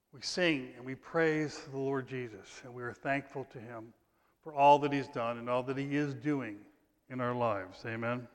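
Man preaching in a reverberant church. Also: medium pitch. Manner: conversational, animated, swings between loud emphatic reading and quiet asides. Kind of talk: sermon. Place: church sanctuary.

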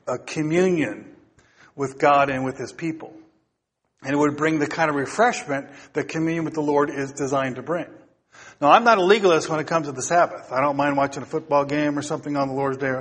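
A man's voice: a little high, fairly bright tone, long reverb tail. A middle-aged male pastor preaching a sermon, earnest and exhorting, often asking the congregation questions.

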